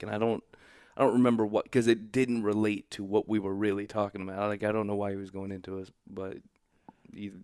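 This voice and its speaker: Young man, St. Louis, comedian guest, low-key rambling, gravelly, dry close sound. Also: darkish tone, dry recording. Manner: laid-back, rambling storyteller, many fillers. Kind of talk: casual podcast chat.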